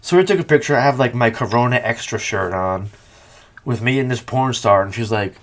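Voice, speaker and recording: A man talking loosely on a podcast, swearing freely and acting out what other people said. His pitch sits mid-range for a man. He keeps an easygoing, chatty storytelling manner. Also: brisk. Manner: profane, storytelling, quotes people in their voices. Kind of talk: casual chat.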